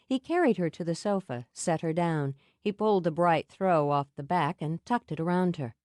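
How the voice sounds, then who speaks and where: Female audiobook narrator, low voice, measured, dry close recording. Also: expressive, a little mellow, dry recording. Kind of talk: scripted narration.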